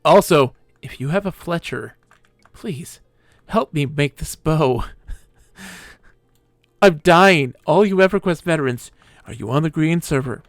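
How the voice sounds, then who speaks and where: Slow and expressive, with long pauses, a man with a slightly high voice streams a game live, chatting to his audience and to himself while playing. The recording is dry and studio quality.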